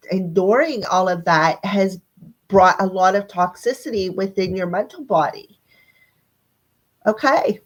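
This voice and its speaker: Squeaky-voiced woman giving a chatty card reading. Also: rough recording. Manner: chatty, talks straight to viewers. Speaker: tarot and numerology reader. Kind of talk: casual live-stream card reading.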